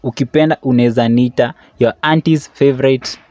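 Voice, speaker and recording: A young man with a Kenyan accent co-hosting a casual chat podcast, playful and joking, laughing loudly. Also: medium pitch, steady tone, fairly quick, muffled recording. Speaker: co-host. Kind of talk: casual chat, mixing English and Swahili.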